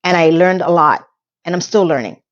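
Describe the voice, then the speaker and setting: Woman, vlogger, candid, emotional, lowish voice, lo-fi sound. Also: moderate pace. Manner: emotional, close to tears, candid. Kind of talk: personal vlog talk.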